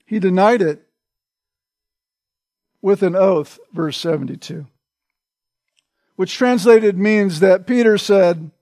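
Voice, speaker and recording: A man preaching an expository sermon in a conversational way, often checking in with his listeners with a quick "right?". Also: sits high, a little mellow, dry recording, studio quality. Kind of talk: sermon, expository Bible teaching.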